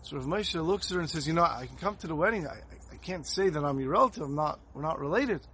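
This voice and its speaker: A man giving a Torah talk as a sermon, telling a story in an earnest, animated way. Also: fairly high pitch, quick pace, slight background noise.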